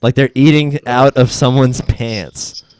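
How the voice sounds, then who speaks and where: A man's voice: mid-range voice, fairly even intonation, a little slow, a little mellow, smooth. A young man co-hosting a podcast in casual chat, retelling sketches animatedly in goofy voices and swearing freely. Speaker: podcast co-host.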